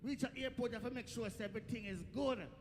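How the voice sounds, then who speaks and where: A middle-aged man with a Jamaican accent doing a stand-up comedy set on a festival stage, telling stories in a lively way with loud bursts to the crowd. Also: very high-pitched, fast talker. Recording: echoey outdoor stage, faint noise.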